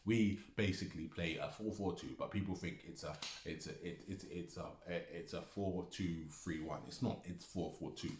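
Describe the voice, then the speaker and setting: A man's voice: low voice, normal speed, few pauses, background noise. A male football fan ranting angrily, repeating himself and swearing as he argues. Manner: repetitive, heated, swearing. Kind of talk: angry football rant. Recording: echoey room.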